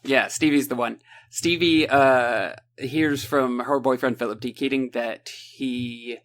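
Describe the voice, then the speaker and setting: A man's voice: medium pitch, steady tone, a bit bright. Rambling sarcastic man recapping a book. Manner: rambling, sarcastic, acts out characters in quick asides. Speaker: podcast co-host. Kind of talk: casual podcast book recap.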